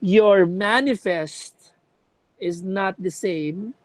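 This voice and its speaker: A woman's voice: mid-range voice, drawn-out words, a little mellow, no echo, rough recording. A woman lecturing a class on contact lenses, explaining with examples and checking that students follow.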